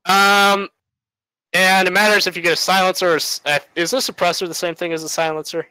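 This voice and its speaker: A man's voice: sits high, flat delivery, fairly quick, pushed and bright, smooth, no echo, poor audio. A man giving a rambling, casual debate argument, full of fillers and little laughs.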